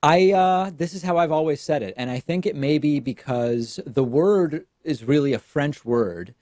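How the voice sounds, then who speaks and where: A man's voice: on the high side, normal speed, a little mellow, no room sound, clean studio sound. A man hosting a political commentary show, speaking in an emphatic, sardonic way. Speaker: host.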